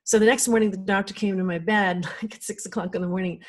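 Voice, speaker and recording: A woman's voice: mid-range voice, steady tone, fast. A middle-aged woman, a podcast guest, telling a personal story in an earnest, emotional way.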